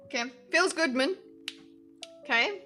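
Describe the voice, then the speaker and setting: This woman's voice is high and expressive, with a sharp tone and a measured pace, and faint music plays in the background. She's a giggly, chatty streamer reacting to videos in a casual livestream, addressing her chat while sketching a diagram.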